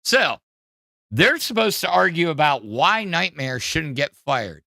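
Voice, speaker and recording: Slow gravelly-voiced male podcast host. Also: on the high side, sing-song, bright, forceful tone, no room sound. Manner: rambling, hesitant, many fillers. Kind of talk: casual commentary.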